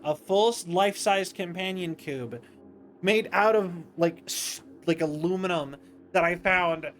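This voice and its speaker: A man's voice: high-pitched, a bit bright, a little hiss or hum. A tired man streaming late at night, rambling and interrupting himself in casual livestream commentary. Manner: rambling, self-interrupting, chatty. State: tired, yawning.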